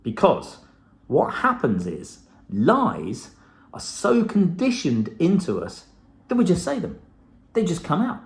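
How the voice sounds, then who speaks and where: Blunt, swearing man with a lively voice. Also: on the high side, slow pace, creaky. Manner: blunt and profane, with laughs. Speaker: self-help vlogger. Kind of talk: casual motivational talk to camera.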